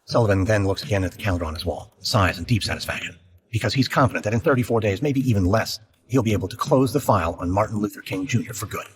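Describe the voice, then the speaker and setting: Guy narrating a history drama podcast, low pitched, talks fast, dramatic. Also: expressive, slight background noise.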